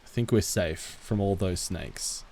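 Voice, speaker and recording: A man with a softened Australian accent, chatting casually with his live-stream audience as he plays, laughing often and answering chat. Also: low-pitched, measured pace, vocal fry, slight background noise. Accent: Australian, toned down. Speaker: game streamer.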